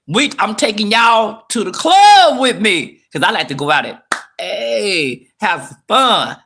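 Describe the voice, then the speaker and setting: A young man hosting a live news stream, chatty and excited, talking straight to his viewers as y'all. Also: sits high, slow, slightly rough.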